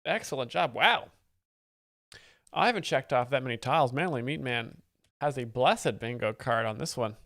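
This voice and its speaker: A man hosting a live stream, giving mock-expert commentary and reading chat in a deadpan, easily distracted way. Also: mid-range voice, normal speed, creaky, no room sound, clean studio sound. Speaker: livestream host. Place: home setup with several screens.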